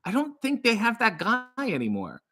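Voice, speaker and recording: Upbeat male streamer, slightly raised pitch, reacting to chat with playful energy. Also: moderate pace. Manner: animated, jokey, reads comments aloud in a bright upbeat voice. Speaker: streamer reading live chat. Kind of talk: casual live-stream chat.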